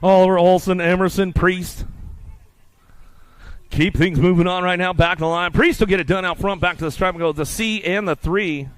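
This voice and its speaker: A man calling live BMX races in rapid, rhythmic announcer patter at an outdoor track. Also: high-pitched, steady tone, clear, resonant tone, no echo. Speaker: race announcer. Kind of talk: live BMX race commentary.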